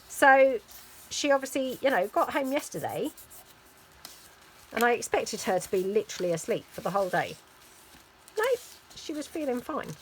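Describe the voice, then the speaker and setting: A woman's voice: a little high, lively intonation, moderate pace, pauses often, slight background noise, low-quality recording. A woman chatting casually while she crafts, rambling and full of fillers. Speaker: craft vlogger.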